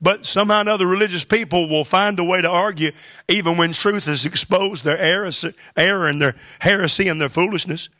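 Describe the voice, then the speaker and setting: Male pastor, high ringing voice, emphatic preaching with shouted peaks. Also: fairly quick. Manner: preaching with rising emphatic bursts and exclamations. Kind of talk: sermon. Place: church hall.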